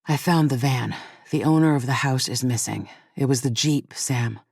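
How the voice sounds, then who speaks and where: A woman voicing a calm man speaking over an earpiece in an audiobook, lower than her own voice. His lines come out quiet and clipped. The recording is dry. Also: moderate pace, gravelly, husky, no room sound, exaggerated voice. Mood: terse. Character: male partner on an earpiece, calm and terse. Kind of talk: audiobook character voice.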